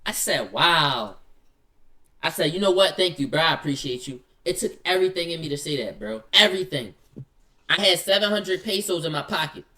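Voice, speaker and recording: A man telling a story in casual slang, acting out both sides of an argument in quick quoted lines. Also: a little high, animated, pushed and bright.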